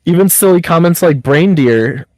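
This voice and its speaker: A man's voice: fairly high pitch, expressive, normal speed, no room sound, low-quality recording. Blunt, swearing podcast co-host man. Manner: blunt, swearing, gives pep-talk advice. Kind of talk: casual podcast chat.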